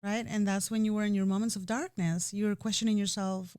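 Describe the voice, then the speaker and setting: A woman's voice: mid-range voice, steady tone, a little fast, a little mellow, smooth, no room sound, studio quality. A woman speaking candidly and emotionally in a personal conversation, often restarting her sentences. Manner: emotional, earnest, with frequent restarts and "you know".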